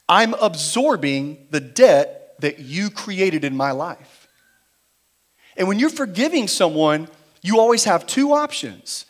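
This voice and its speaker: Pastor prêchant avec une voix assez haute. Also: male voice, sits high. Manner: dynamic preaching, shifting between quiet emphasis and raised intensity. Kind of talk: sermon. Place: church sanctuary.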